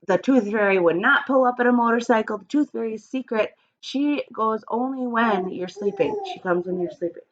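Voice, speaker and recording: A woman kindergarten teacher reading a picture book aloud and giving an online lesson, animated and encouraging, from home on a webcam. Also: medium pitch, dull audio. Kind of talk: read-aloud and virtual lesson.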